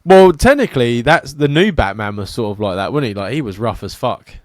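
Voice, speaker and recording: A man's voice: medium pitch, expressive, a little fast, no echo, clean studio sound. A man co-hosting a podcast in casual, rambling, sweary chat. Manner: rambling, sweary, laughs a lot. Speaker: podcast co-host.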